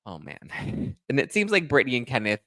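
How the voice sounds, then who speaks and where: A man's voice: medium pitch, very animated, fairly quick, fairly bright tone, dry recording, studio quality. A man hosting a podcast, chatting casually and sassily as he recaps and gossips, laughing often and acting out quotes. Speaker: podcast host.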